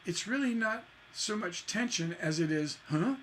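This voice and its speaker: A man gives a chatty songwriting lesson, scatting "da da da" rhythms to show where the stresses fall. His voice sits high and is a bit bright, at a moderate pace, with a little hiss or hum in the recording.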